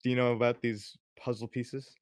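A player in a tabletop game, speaking in a plain, measured way. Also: medium pitch, level tone, darkish tone, no echo, clean studio sound. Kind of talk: tabletop role-play, in character.

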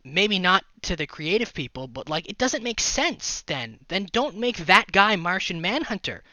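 A man's voice: high-pitched, big pitch swings, moderate pace, pushed and bright, no echo. A man co-hosting a casual movie review podcast, ranting in an exasperated, profane way. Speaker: podcast co-host.

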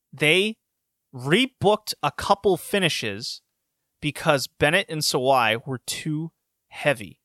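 A man's voice: mid-range voice, bright, forceful tone, no echo, studio quality. A man giving a casual, opinionated recap of wrestling matches, sarcastic and prone to restarting his sentences. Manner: sarcastic, opinionated, frequent self-corrections. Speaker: wrestling show reviewer.

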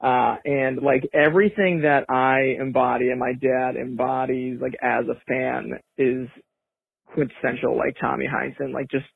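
Gravelly man on a tinny phone line. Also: mid-range voice, little pitch movement, measured pace. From Massachusetts. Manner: earnest, rambling, many fillers. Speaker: caller leaving a voicemail. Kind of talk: phone voicemail.

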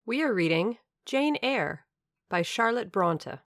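A woman reading a classic novel aloud as an audiobook narrator, measured and dramatic. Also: medium pitch, expressive, no echo.

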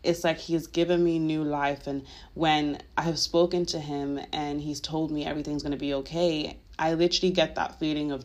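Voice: medium pitch, level tone, brisk, hardly any pauses. A podcast host giving a casual faith talk, earnest and confessional, rambling with lots of filler phrases. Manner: emotional, confessional.

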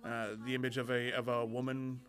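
A man's voice: mid-range voice, brisk. A man co-hosting a film podcast, talking casually and wryly about a movie with ironic asides. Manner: wry, lively, ironic asides.

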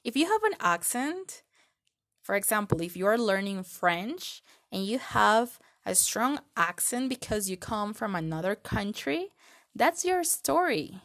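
A woman's voice: medium pitch, very animated, a little slow, a bit bright. A woman hosting a podcast, giving an earnest, encouraging monologue with reflective questions. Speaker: podcast host.

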